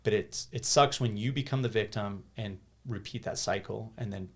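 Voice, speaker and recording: A man's voice: fairly low pitch, normal speed. An American man in his thirties, a podcast guest telling a personal story in earnest, casual talk with many restarts and repeated words. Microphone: podcast studio microphone.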